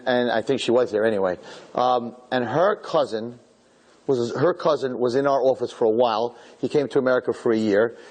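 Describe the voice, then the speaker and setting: A man, a rabbi, telling an inspirational story to an audience in an animated way, repeating words for emphasis and mixing in Hebrew terms. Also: medium pitch.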